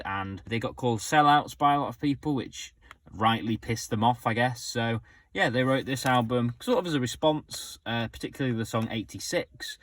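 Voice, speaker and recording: Young male vlogger, casual and excitable, ordinary middle pitch. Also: no echo. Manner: enthusiastic, chatty, frequent fillers. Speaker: music collector vlogger. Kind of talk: casual show-and-tell vlog.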